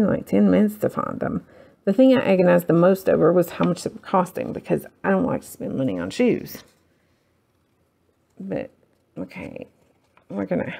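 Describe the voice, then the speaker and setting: Chatty woman with a gravelly edge. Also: mid-range voice, dark tone. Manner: rambling, self-deprecating, talks while working. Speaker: crafting tutorial host. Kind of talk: casual chatty crafting tutorial.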